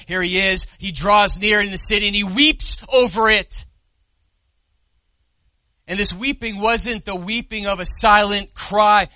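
A man preaching a sermon, swinging from loud declarations to soft, intimate appeals to the listeners. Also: sits high, no echo. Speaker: pastor.

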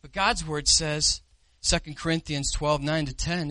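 A man preaching a sermon, swinging from loud declarations to soft, intimate appeals to the listeners. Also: on the high side, fairly even intonation, measured pace, no room sound. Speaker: pastor.

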